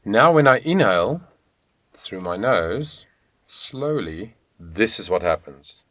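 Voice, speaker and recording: A man teaching a video voice lesson, talking straight to the viewer in an encouraging, animated way. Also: on the low side, slow pace, dry recording. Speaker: vocal coach.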